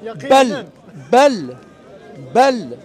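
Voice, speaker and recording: A high-pitched man argues his case in an open-air debate in a public park. He explains patiently, interrupts often and runs through Arabic recitation fast, with a crowd murmuring faintly behind him. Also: sing-song, darkish tone. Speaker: street debater.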